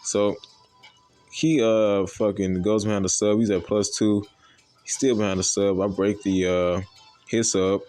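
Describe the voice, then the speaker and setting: A man's voice: fairly low pitch, level tone, normal speed, a little mellow, dry recording, soft background music. A young man giving casual, profane commentary on his own competitive games, brash and full of fillers. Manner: brash, profane trash-talk with frequent fillers. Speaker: gaming commentator.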